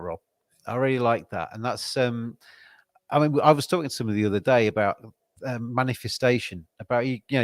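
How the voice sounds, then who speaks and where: A man's voice: mid-range voice, dry recording, studio quality. A man from England hosting a podcast interview, chatting casually and rambling with many fillers and restarts. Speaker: podcast host.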